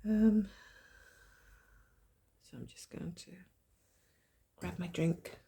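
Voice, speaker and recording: A woman with a gravelly voice and a blocked nose from a cold, chatting casually and thinking aloud while she stitches, with a self-deprecating manner. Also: fairly low pitch, expressive, drawn-out words, dark tone. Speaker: cross-stitch vlogger. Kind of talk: casual stitch-along chat.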